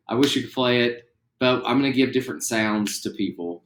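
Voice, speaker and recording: A young man with a West Virginian accent teaching a recorded theatre class in a relaxed, chatty way, with lots of fillers. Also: mid-range voice, fairly quick, roomy sound, slight background noise. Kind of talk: recorded online class lesson.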